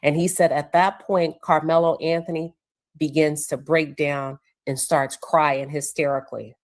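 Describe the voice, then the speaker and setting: A woman hosting a livestream show, recounting court testimony in a casual, conversational way and pausing to check her notes. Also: sits low, level tone.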